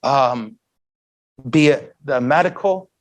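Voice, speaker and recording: A priest giving a heartfelt talk to an audience, earnest and emotional, with self-mocking humor. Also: male voice, medium pitch, takes it slowly. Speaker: priest and guest speaker. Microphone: handheld mic.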